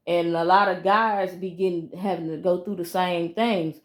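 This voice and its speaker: A woman's voice: lowish voice, steady tone, moderate pace. Aggrieved woman in her thirties venting. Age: 30s. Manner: aggrieved and emphatic, repeats herself. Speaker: vlogger. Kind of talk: casual vlog. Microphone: phone camera.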